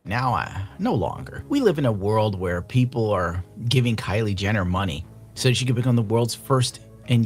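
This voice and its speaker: A man giving sardonic commentary in a played video. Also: lowish voice.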